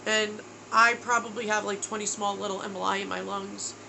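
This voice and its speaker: Her delivery is flat and brisk, her mid-range voice creaky, and there's noise in the background. She's a New York vlogger in her thirties, tired and near tears, speaking candidly and emotionally in her video diary and using "bro."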